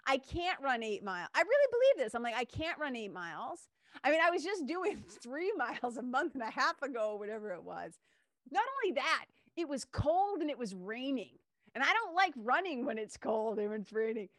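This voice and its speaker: Woman podcast host, bit high voice, dry close sound, animated storyteller. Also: fairly quick, no echo. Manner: lively storyteller, swears casually. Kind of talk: casual interview chat.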